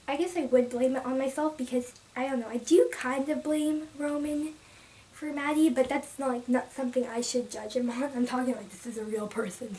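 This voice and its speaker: A young woman giving a casual, emotional book review, rambling with many restarts and sometimes dropping to a soft whisper. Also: a little high. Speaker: book vlogger. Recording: distant from the mic, faint room noise.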